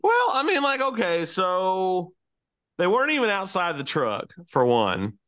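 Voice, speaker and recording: A man's voice: sits high, huge pitch swings, unhurried, a bit bright. A man chatting casually as a podcast co-host, easygoing and hedging his points, often laughing. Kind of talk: casual chat.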